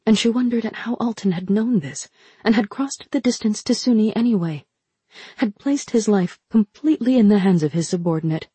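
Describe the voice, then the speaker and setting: A woman narrating a novel in a steady, measured reading. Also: mid-range voice, husky, dry recording. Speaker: audiobook narrator. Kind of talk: scripted narration.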